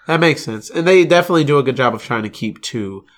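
A man's voice: medium pitch, animated, fast talker, fairly bright tone. A man co-hosting a podcast in casual chat, opinionated and prone to rambling tangents. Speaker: podcast co-host.

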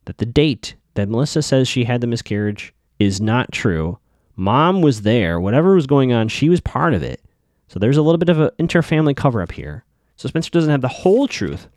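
A man's voice: mid-range voice, darkish tone, no room sound, clean studio sound. A man hosting a podcast, giving a casual, opinionated recap of a TV episode with skeptical asides. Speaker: podcast host.

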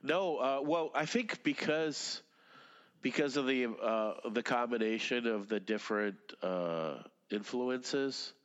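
A man's voice: medium pitch, slow pace, in a large hall, highs cut off. A man in his fifties, a native Russian speaker, rambling casually as an interview guest, with lots of fillers, restarts and swearing. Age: 50s. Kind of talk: casual conversation.

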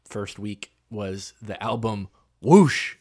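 A man's voice: fairly low pitch, a little slow, fairly bright tone. A man co-hosting a casual music review podcast, talking loosely with lots of fillers and restarts. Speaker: podcast co-host.

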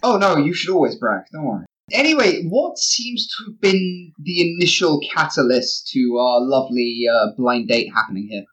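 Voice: mid-range voice, sing-song, normal speed, hardly any pauses, close to an everyday voice, low-quality recording. A player voicing a theatrical, flirtatious charmer in a tabletop game. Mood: flamboyant. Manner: theatrical and flamboyant.

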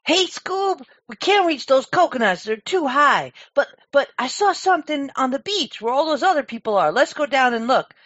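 A woman voicing a goofy, laid-back cartoon young man who talks in excitable slang, over muffled call audio. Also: sits high, moderate pace, hardly any pauses, no room sound. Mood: eager. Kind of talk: improv scene.

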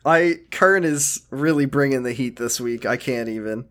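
A man's voice: mid-range voice, moderate pace, a bit bright. A man co-hosting a casual podcast, recapping a movie in an exasperated, sarcastic way with plenty of swearing. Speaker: podcast co-host. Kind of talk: casual chat recapping a film.

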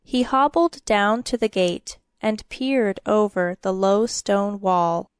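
A woman reads a fairy tale aloud in a steady, measured storytelling voice. Her pitch sits in an ordinary middle range. The recording is dry and close, with no room sound. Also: clean tone, no room sound. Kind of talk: scripted storybook narration.

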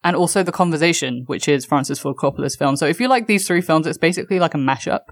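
A woman's voice: low-pitched, fast, no echo, clean studio sound. A woman co-hosting a podcast, talking in a loose, chatty way with lots of fillers and restarts. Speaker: podcast co-host. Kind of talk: casual chat.

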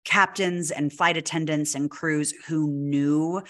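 Taking it slowly in a low-sitting voice, this woman co-hosts a podcast and shares a ghost story in relaxed conversation. She's lively, leans on "like," and performs the quotes.

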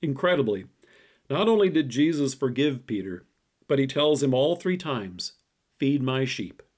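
A man delivering a scripted devotional message and reading scripture in a measured, deliberate way. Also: medium pitch, very animated, a little mellow. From city-raised. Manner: measured, reads scripture quotes slowly. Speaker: devotion speaker.

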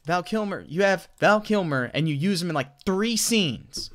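A high-pitched, animated man from the American South speaks at normal speed while co-hosting a podcast. He chats casually about movies, rambling and restarting often as he offers his opinions.

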